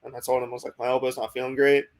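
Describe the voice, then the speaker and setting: This young man speaks in a steady, fairly level tone at a middle pitch, keeping the story loose and rambling. He keeps saying "like" and "you know" and slips into quoted back-and-forth with his coaches. It comes across as laid-back guest chat on a podcast. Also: racing. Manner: acts out quoted coaches in dialogue. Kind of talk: casual storytelling interview.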